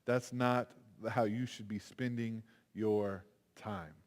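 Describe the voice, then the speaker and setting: A man giving a chapel sermon in an animated, conversational way, acting out quotes as he goes. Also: lowish voice, slow. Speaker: chapel speaker. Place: university chapel. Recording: long hall reverb.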